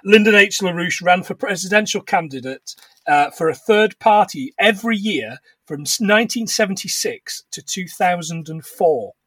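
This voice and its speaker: A man co-hosting a casual podcast chat, giggling as he retells scenes and slips into quick silly voices. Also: sits high, animated, fairly bright tone, breathy edge, no echo, distant mic. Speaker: podcast co-host.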